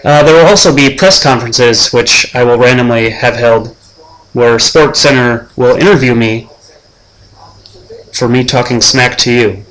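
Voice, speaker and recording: A young man hosts a homemade sports-show preview as his fantasy league's commissioner. He ribs each player in a dry, deadpan tone. His voice sits at a medium pitch. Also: a little slow, rough recording. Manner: deadpan trash talk.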